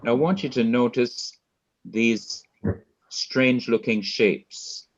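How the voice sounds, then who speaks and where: A man with a Jamaican accent teaching a Hebrew lesson, speaking deliberately, repeating key words and quizzing his students. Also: mid-range voice. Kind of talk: online Bible language lesson. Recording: dull lo-fi sound.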